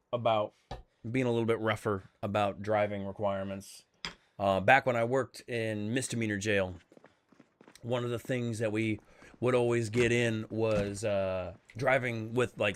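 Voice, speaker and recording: A man streaming a multiplayer game, chatting casually in a blunt, profane, rambling way, with animated loud riffs and quieter asides. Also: on the low side, a little hiss or hum. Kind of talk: casual chat while streaming.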